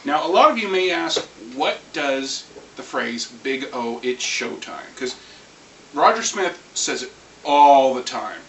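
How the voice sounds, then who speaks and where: A man ranting casually about anime, rambling and animated, swearing now and then. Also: on the high side, measured pace. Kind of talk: casual rant. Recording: echoey room, far from mic, faint hiss.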